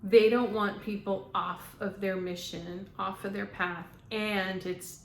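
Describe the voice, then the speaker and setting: Slow, halting woman medium. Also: mid-range voice, fairly even intonation. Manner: halting, frequent "um" fillers. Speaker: spiritual medium. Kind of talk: channeling monologue to viewers. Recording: echoey room.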